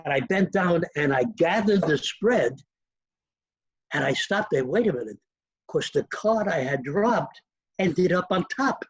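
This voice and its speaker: A man's voice: high voice, unhurried, slightly rough, dry recording, muffled recording. An older man, a magician being interviewed, telling stories from his past and acting out the people in them. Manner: animated, acts out quoted voices. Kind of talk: anecdotal storytelling.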